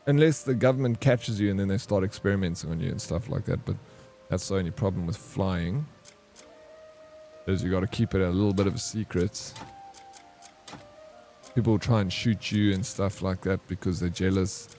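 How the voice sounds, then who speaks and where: A young man, chatting casually and excitably with his stream viewers, rambling between topics. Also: low-pitched, normal speed, soft background music. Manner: rambling, excitable, says bro a lot. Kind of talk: casual chat with live chat.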